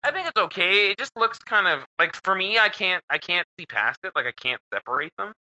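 A man's voice: sits high, very animated, fairly quick, sharp tone. A man co-hosting a casual podcast chat, profane and joking. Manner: profane, joking, mocks a thick Canadian voice. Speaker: podcast co-host. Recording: slightly dull audio with faint noise.

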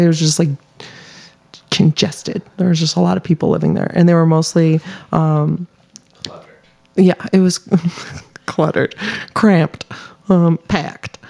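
A woman's voice: on the low side, creaky, warm tone. A woman co-hosting a casual podcast, telling a history story to friends in a loose, chatty way with lots of fillers and laughs. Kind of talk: casual chat among friends.

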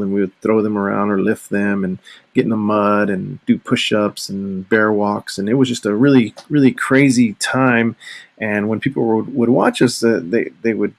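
A man's voice: fairly low pitch, gravelly. A man hosting a casual solo podcast, talking in a rambling way with frequent restarts. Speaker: podcast host.

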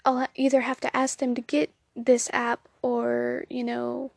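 A young woman from the Southern United States, with a Southern accent, hosts an amateur solo podcast into her phone, chatting casually and rambling with many ums, giggles, and self-deprecating laughs. Her voice is on the high side, monotone, and creaky, at a measured pace, in a dry, studio-quality recording.

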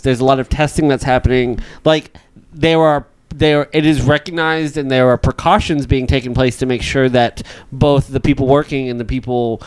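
A man's voice: mid-range voice, clean tone, no room sound, poor audio. A man co-hosting a podcast, speaking thoughtfully in casual chat, rambling through a point. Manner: thoughtful, rambling with fillers and restarts. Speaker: podcast co-host.

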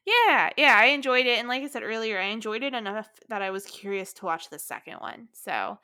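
A woman co-hosting a podcast in casual chat, animated and giggly, swearing freely and filling her talk with "like". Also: on the high side, fairly quick, no room sound, studio quality. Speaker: podcast co-host.

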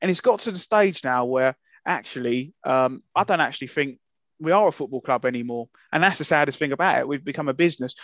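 A fired-up man with a fairly high voice rants about his views on a podcast, swearing and getting louder as he goes. His voice is dull and lo-fi, and the recording sounds dry and close. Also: no echo. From England. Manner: passionate, indignant, swears freely. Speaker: podcast co-host. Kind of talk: heated casual podcast rant.

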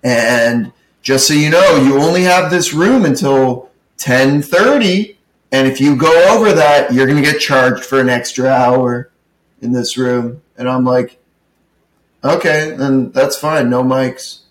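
A man's voice: mid-range voice, a little slow, roomy sound, rough recording. A man hosting a podcast, telling a profane story with lots of acted-out dialogue. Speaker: podcast co-host, comedy show producer. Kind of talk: casual storytelling rant.

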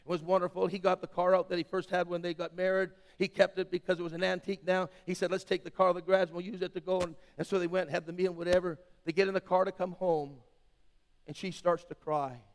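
A pastor in his sixties preaching an impassioned sermon, swinging from loud to hushed. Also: high-pitched, flat delivery, fast. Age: 60s. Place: church sanctuary. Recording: long hall reverb.

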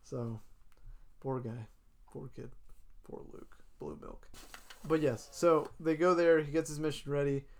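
A man in casual chat, recapping a TV episode and acting out characters' lines in quick asides. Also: fairly high pitch, fairly even intonation.

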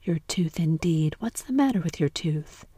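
A woman's voice: sits low, animated, normal speed, mellow, husky, dry recording. Aunt Polly, a whispered woman doing a scolding old aunt. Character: old aunt, stern but loving. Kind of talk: whispered role-play.

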